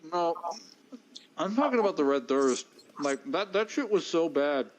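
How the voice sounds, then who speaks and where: A man's voice: a little high, expressive, normal speed, rough recording. A man on voice chat bantering about a game, teasing his friend with dry put-downs. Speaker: co-player on voice chat. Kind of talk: casual gaming banter.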